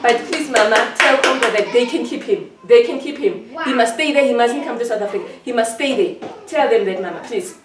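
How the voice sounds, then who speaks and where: A woman's voice: fairly high pitch, fairly quick, very noisy. A woman giving an emotional interview, sounding hurt and accusing, and repeating herself as she talks. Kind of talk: emotional personal testimony. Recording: echoey room, distant mic.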